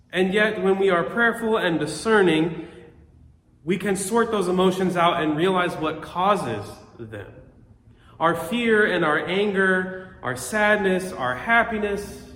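A man preaching a sermon as a pastor, recorded on his phone, speaking in an earnest, reflective way with measured pauses. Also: sits high, fairly bright tone. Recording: echoey room with long reverb.

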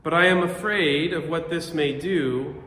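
A man gives an earnest, reflective sermon, recorded on a phone. His voice sits a little high for a man and moves in measured phrases. The room around him is echoey, with a long reverb trailing each line. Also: a bit bright. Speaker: pastor.

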